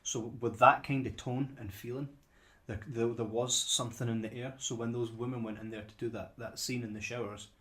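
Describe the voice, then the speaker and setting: A man's voice: medium pitch, fairly even intonation, a little fast, hardly any pauses, a bit bright. A man co-hosting a podcast in casual chat, often repeating words as he starts a sentence. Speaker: podcast co-host.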